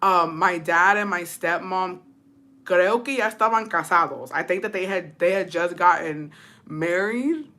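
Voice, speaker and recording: A woman's voice: lowish voice, sharp tone. A woman telling a story to her live chat, cursing freely and switching between English and Spanish. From Texas. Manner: profane, switches into Spanish, quick laughs. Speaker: streamer.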